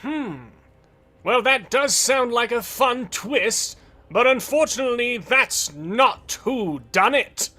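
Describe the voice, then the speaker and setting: A man voicing a pompous, glory-hungry male detective who is also an author, making grand, booming proclamations. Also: lively intonation, slow pace, sharp tone, full character voice. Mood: smug.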